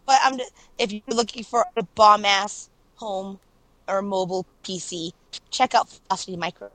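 A woman with a Massachusetts accent chats as a podcast co-host, full of fillers and quick giggles. Her voice is bright and forward. The sound is dry and close, with no room around it. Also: mid-range voice, fairly even intonation, no echo, rough recording. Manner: chatty, filler-heavy, giggly. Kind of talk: casual chat.

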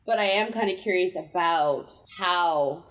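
A woman's voice: on the low side, measured pace, lo-fi sound. Wry self-deprecating woman podcaster. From Massachusetts, USA. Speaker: podcast co-host. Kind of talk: casual chat.

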